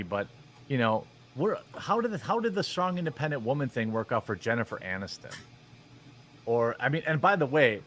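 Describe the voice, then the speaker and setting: A man's voice: mid-range voice, fairly bright tone, a little hiss or hum. A man giving opinionated commentary on video clips in a sarcastic, mocking, rambling way with many fillers. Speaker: commentary vlogger.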